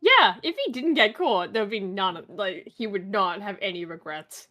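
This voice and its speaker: A woman's voice: medium pitch, animated, moderate pace, pushed and bright, soft background music. A woman co-hosting a casual chat, mostly reacting with short, agreeing interjections and the odd swear word. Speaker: co-host.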